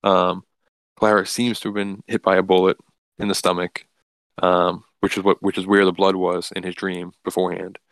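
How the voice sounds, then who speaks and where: A man with a very low, gravelly voice casually recaps a comic book story. He rambles, filling gaps with "like" and restarting his sentences. The sound is dry and close. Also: little pitch movement, moderate pace, no echo.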